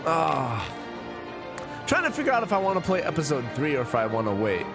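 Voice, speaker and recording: A man's voice: fairly high pitch, wildly swooping pitch, fairly quick, music in the background. A drunk man streaming a game, rambling, swearing and chatting with his viewers. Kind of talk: casual live-stream chat.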